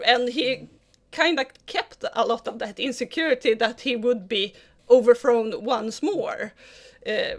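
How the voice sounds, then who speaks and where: A woman co-host talks in a fairly high voice, stopping and restarting as she searches for words. Her tone stays casual and conversational. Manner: hesitant, restarts often. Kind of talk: casual interview chat.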